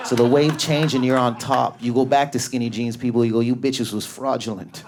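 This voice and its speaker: A man doing a stand-up comedy set in a club, riffing at high energy on an audience member. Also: steady tone, brisk, noisy background. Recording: live club with a laughing crowd. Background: audience laughter.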